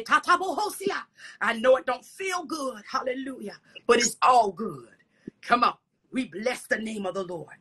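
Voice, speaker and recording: A woman's voice: fairly high pitch, sharp tone, slightly rough. A woman preaching a fervent sermon, punctuating her words with "come on" and "hallelujah" and dropping at times into whispered asides.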